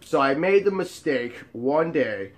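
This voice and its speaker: A man hosting his own show, telling a casual, animated story with jokes and frequent swearing. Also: a little high, measured pace. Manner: animated and joking, with frequent profanity. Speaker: show host telling bar stories.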